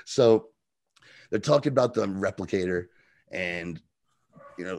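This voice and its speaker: A man's voice: low-pitched, measured pace, vocal fry, a little mellow. A man co-hosting a casual podcast, recapping a TV episode, laughing often and acting out lines. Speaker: podcast co-host.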